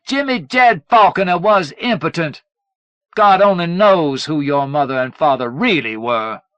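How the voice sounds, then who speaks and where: A man's voice: medium pitch, lively intonation, moderate pace, a bit bright, dry recording, muffled recording, pitched above the performer's own voice, lightly acted. A man voicing a desperate, bitter mother. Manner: pleading, then cold and cutting. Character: desperate middle-aged mother, firm and bitter.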